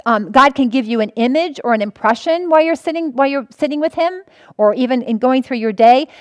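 A woman pastor delivers a teaching sermon in a high voice. She is earnest and circles back over her points again and again, restarting phrases as she goes. The sound is close and dry, with no room around it. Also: dry recording. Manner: earnest, repeats herself, frequent restarts.

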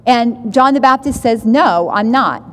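Woman teaching bible verses, kinda high voice, chatty, keeps asking "right?", echo hangs in the room. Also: expressive, measured pace. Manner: conversational, restarts phrases, asks "right?".

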